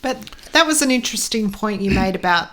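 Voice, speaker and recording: A host in casual podcast chat, adding short questions and agreement. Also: female voice, mid-range voice, lively intonation, brisk, a bit bright. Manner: brief encouraging interjections, laughs along.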